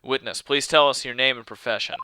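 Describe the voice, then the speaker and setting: A man's voice: mid-range voice, steady tone, fairly quick, pushed and bright, clean tone, no echo. A man voicing a formal older male judge announcing court proceedings.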